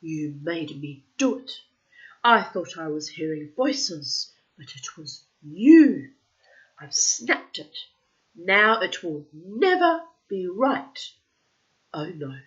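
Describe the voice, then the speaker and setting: A woman's voice: low-pitched, lively intonation, moderate pace, hardly any pauses, a little mellow. A woman voicing an irritable God, a craftsman who roars at anyone interrupting his work. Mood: angry. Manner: roaring, impatient. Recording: dull lo-fi recording.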